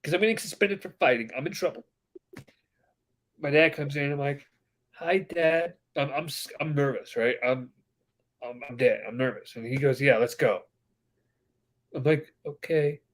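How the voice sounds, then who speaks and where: A man chatting casually on a podcast as co-host, telling a story with lively, animated delivery and acting out the people he quotes. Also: mid-range voice, brisk. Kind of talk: casual chat.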